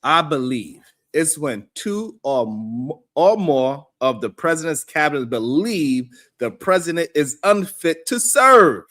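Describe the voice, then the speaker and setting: A host of a live call-in stream who talks casually, reacts to viewer comments and mocks critics with exaggerated voices. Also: male voice, on the high side, big pitch swings, slow, hardly any pauses, sharp tone.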